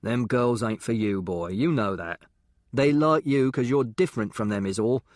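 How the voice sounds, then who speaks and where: A man voicing a gruff, drinking working-class gravedigger father who talks slowly and mockingly. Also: mid-range voice, a little mellow, dry recording, studio quality, lightly acted.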